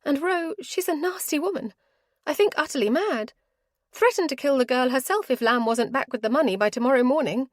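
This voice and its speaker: A woman's voice: sits high, expressive, a little fast, no room sound, clean studio sound, voice pushed up. A woman narrator voicing a distressed young aristocratic woman in a storybook reading. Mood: fearful.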